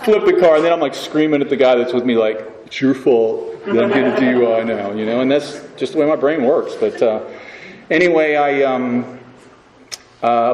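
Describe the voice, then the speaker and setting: A man's voice: medium pitch, a little mellow. Rambling, self-mocking man in an echoey hall. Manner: rambling and self-mocking, full of "you know what I mean". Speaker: AA meeting speaker. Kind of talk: personal recovery story told to a meeting. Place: meeting hall. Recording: echoey hall with background noise.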